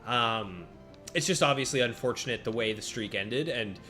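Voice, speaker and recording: A man's voice: medium pitch, normal speed. Chatty male game streamer. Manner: chatty, answers chat by name, reacts out loud to each turn. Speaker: streamer playing a handheld monster-battle game. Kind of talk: casual live-stream commentary. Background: faint game music.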